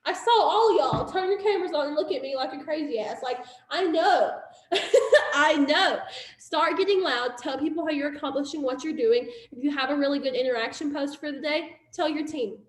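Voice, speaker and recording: A bright, high-voiced woman leads her team's video call with excited, laughing energy. She talks fast and loose, urging everyone to be loud. Her voice bounces around an echoey room. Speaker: team leader hosting a call. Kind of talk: casual team video call.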